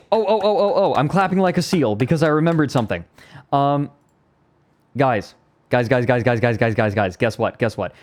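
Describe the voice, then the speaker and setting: Excitable man chatting on stream. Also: lowish voice. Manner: excitable, repeats words in rapid bursts. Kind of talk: casual live-stream chat.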